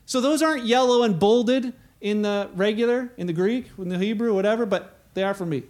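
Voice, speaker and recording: A man's voice: sits high, fairly quick, darkish tone. A man preaching a sermon in a conversational way, acting out the voices he quotes.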